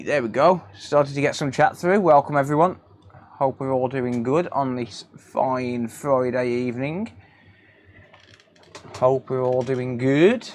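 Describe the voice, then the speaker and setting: There's a little hiss or hum behind this man's mid-range voice. Hosting a casual live stream, the repair technician stays relaxed, greets chat viewers by name, and calls them mate.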